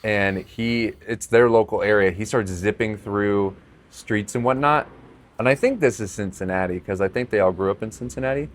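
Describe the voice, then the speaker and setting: Casting: young male podcast host, lowish voice, chatty storyteller, easy laughs. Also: moderate pace. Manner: storytelling, laughs often, animated when acting out scenes. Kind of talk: casual chat.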